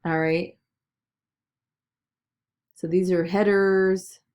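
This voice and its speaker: A woman giving a chatty screen-recorded software tutorial, talking through each click with lots of "okay" and "all right". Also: lowish voice, level tone, very slow. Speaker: business video tutor.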